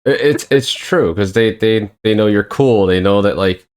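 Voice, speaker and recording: A man's voice: on the low side, moderate pace. A man hosting a casual talk with laid-back, short remarks. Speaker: host. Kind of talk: casual chat.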